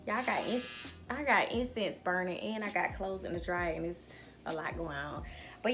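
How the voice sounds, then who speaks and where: A woman's voice: fairly low pitch, moderate pace, faint music behind. A young woman in a casual, playful home vlog, trying on wigs and chatting, often breaking into laughter and bits of song. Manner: animated, playful, lots of "girl" and "y'all", bursts of laughter and singing. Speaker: vlogger reviewing wigs. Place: indoors at home.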